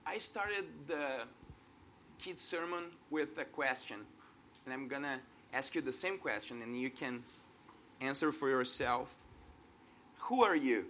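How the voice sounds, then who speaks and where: A man's voice: medium pitch, animated, a little slow, pauses often, fairly bright tone, a little hiss or hum. A man in his thirties from Brazil with a Brazilian Portuguese accent, preaching an earnest, conversational sermon and laughing at himself now and then. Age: 30s.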